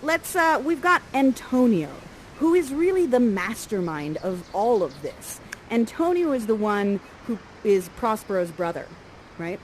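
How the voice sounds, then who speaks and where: A woman directing a live Shakespeare performance, coaching the players and reading their lines softly. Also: on the high side, a little slow, slight background noise, rough recording. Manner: animated, coaching, reads lines aloud in a soft voice. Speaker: theatre director coaching actors.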